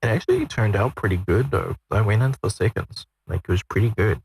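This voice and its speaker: Streamer, male, husky and low, rambling casual reactions, dry close sound. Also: a little fast, darkish tone, no room sound, low-quality recording. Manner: rambling, self-correcting reactions. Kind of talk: casual chat.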